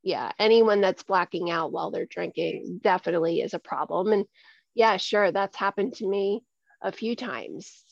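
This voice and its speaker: A woman's voice: medium pitch, normal speed, gravelly, no room sound. A woman in her forties, a guest in a conversational interview, talking earnestly and often repeating words as she gathers her thoughts. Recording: dull lo-fi recording.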